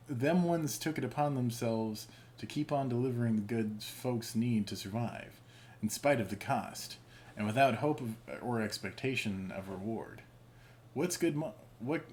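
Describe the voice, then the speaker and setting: A man voicing a gruff, folksy old rural elder with a Southern accent, read aloud from in-game messages. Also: medium pitch, a little mellow, a little hiss or hum, lightly acted. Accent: American Southern.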